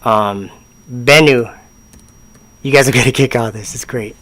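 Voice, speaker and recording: A man's voice: medium pitch, a little slow, a bit bright, dry recording. A man casually commenting on a livestream, rambling and sarcastic. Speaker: streamer reacting to videos.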